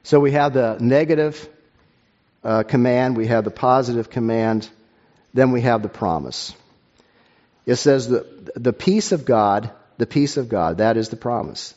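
A man's voice: mid-range voice, expressive, a little mellow. Earnest male preacher on a lo-fi recording. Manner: measured, earnest, with some slips and fillers. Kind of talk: sermon with read-aloud story.

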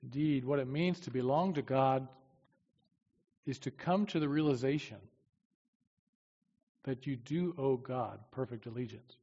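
A man preaching a sermon with emphasis, swinging from loud declarations to quiet asides. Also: medium pitch, unhurried, pauses often, slightly rough. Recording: dull, long-reverb hall sound.

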